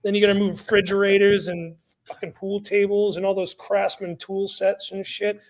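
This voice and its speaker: A man in his thirties on a casual podcast, telling animated stories with lots of swearing. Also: sits high, normal speed. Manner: animated, swearing, laughs between lines. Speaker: podcast co-host.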